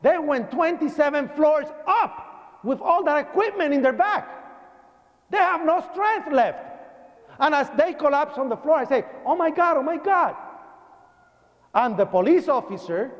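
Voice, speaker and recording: A man with a Puerto Rican accent tells his story to a church audience, voicing the people in it. His voice sits high, and the sound is dull and soaked in the long reverb of a hall. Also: measured pace. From Puerto Rico. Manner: animated storyteller acting out dialogue. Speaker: speaker. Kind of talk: personal testimony speech.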